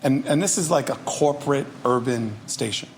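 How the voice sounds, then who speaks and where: A man telling stories as a guest rapper in a podcast interview, energetic and profane. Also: mid-range voice, normal speed, a little hiss or hum.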